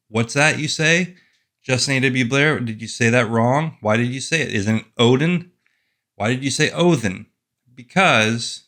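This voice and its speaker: A man's voice: mid-range voice, a bit bright. A man hosting his own fantasy fiction channel, talking casually and wandering off on self-deprecating, wry asides. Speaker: author and fantasy channel host. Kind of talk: casual talking-head monologue.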